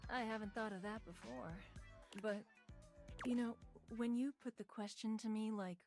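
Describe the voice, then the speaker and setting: A woman voicing a seductive female game character who talks in a slow, sultry way and turns giggly and unsure of herself. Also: on the high side, fairly even intonation, darkish tone, natural voice. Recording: game audio with faint music.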